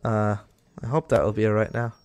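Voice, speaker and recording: A man's voice: fairly low pitch, flat delivery, brisk, a little mellow, dry recording. A young man giving casual, rambling commentary over a game, talking to the animals on screen and getting exasperated with them. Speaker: gaming YouTuber.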